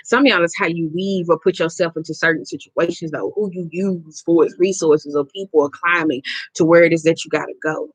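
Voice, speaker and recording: A woman giving a casual card reading to her viewers, blunt and profane, with emphatic, drawn-out repetitions. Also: fairly low pitch, no echo, low-quality recording. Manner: blunt, profane and expressive, talking straight to viewers. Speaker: oracle card reader.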